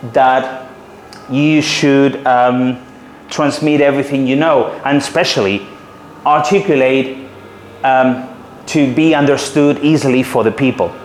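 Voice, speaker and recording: A Spanish-accented man in his forties gives a workshop talk, confident and explanatory, pausing on small fillers now and then. His voice sits at an ordinary middle pitch. The room is roomy and echoing, with a faint hum of noise behind him. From Spain. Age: 40s. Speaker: city guide trainer.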